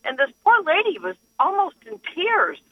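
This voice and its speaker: A woman's voice: very high-pitched, very animated, moderate pace, no room sound. A woman calling in to a radio show, telling her story in an earnest way. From northeastern Pennsylvania. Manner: earnest storyteller, acts out quoted lines. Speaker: caller. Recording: dull phone line.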